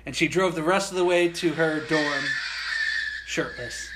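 A podcast co-host tells a wild story with animated, profane energy, acting out the people in it. His voice runs fairly high for a man. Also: a little slow, heavy background noise. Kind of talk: casual storytelling.

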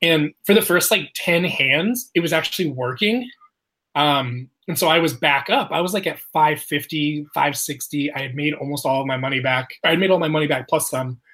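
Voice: medium pitch, moderate pace, fairly bright tone. A person telling a casual story, swearing often, laughing and acting out the quotes of others.

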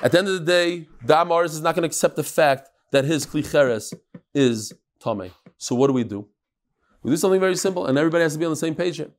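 Animated high-voiced Talmud teacher. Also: male voice, fast. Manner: animated, acts out the sages' voices, mixes Hebrew and Aramaic terms.

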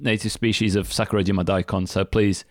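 A man's voice: sits low, level tone, a little fast, no echo, studio quality. A British man co-hosting a casual chat, dryly teasing as he reads out news items. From Britain. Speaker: co-host.

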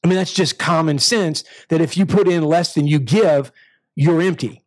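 A male pastor delivers a sermon in an emphatic, restarting style that keeps surging upward. His voice sits a little high for a man. The sound is dry and close, with no room around it. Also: moderate pace, no room sound. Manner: emphatic, with repeated restarts and rising bursts.

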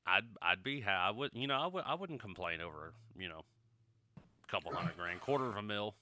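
A man's voice: lowish voice, lively intonation, fairly quick, noisy background. A man co-hosting a podcast in casual chat, joking and rambling, swearing freely. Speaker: podcast co-host.

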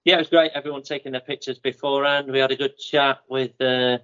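A man's voice: medium pitch, level tone, fast talker, a bit bright, dull audio. A man co-hosting a running podcast, telling a rambling, playful anecdote. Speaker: podcast co-host. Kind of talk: casual chat.

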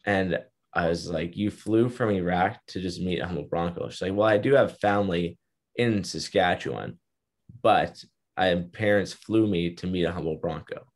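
A young man with a deep, low voice speaks as an interview guest. He tells his story in an earnest, reflective way, in casual talk. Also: moderate pace.

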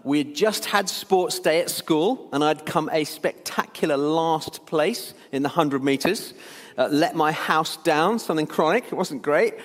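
A man's voice: on the high side, unhurried. A British pastor in his fifties telling a childhood story in a sermon, chatty and anecdotal, with many fillers and restarts. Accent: British English. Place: church. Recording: long church hall reverb.

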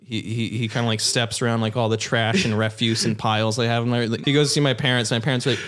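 A man's voice: medium pitch, steady tone, quick pace, fairly bright tone. A man, a podcast guest, telling a rambling comedic story with lots of restarts and silly put-on voices.

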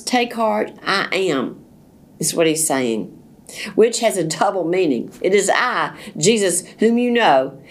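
Woman, lower register, earnest devotional reader, deliberate pace with small slips. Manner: slow, deliberate, earnest reading with occasional slips and restarts. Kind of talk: devotional reading.

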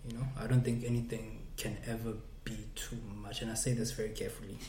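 A man poet on a panel, telling stories in an animated, expressive way. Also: fairly low pitch, quick pace, echoey room, a little hiss or hum. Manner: animated storyteller, expressive, laughs easily. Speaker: spoken word poet on a panel. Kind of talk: panel discussion.

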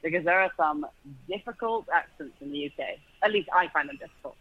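A man's voice: fairly high pitch, brisk, dull audio. A man with a middle-class London accent, a guest talking casually and thoughtfully, often stopping to restart his sentences. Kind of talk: casual conversation.

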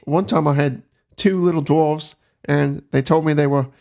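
A man's voice: on the high side, fairly even intonation, vocal fry, mellow. A man voicing a friendly, chatty half-elf woman who keeps a tavern, with a put-on Scottish-sounding accent. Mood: gossipy. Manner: chatty, apologetic about the slow pub.

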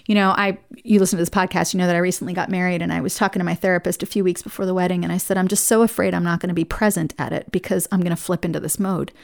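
A woman hosting a solo podcast, talking in a reflective way that swings between playful and hushed. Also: on the low side, steady tone, rapid-fire, gravelly, hardly any pauses. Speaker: podcast host.

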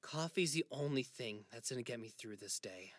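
A man's voice: mid-range voice, lively intonation, moderate pace, a bit bright, no room sound, close to an everyday voice. A male narrator voicing a grieving adult son who is anxious, raw and sarcastic.

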